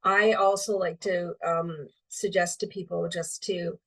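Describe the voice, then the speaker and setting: A woman speaking as a healing medium guest in a relaxed interview, rambling with many fillers. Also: fairly low pitch, a little slow, far from the mic. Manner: meandering, filler-heavy, lots of um and like.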